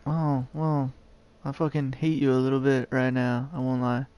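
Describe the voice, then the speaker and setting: A man's voice: mid-range voice, little pitch movement, moderate pace, a little mellow, clear, resonant tone. A man streaming a game and chatting casually with a friend, laid-back, swearing freely and laughing often. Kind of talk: casual gaming chat.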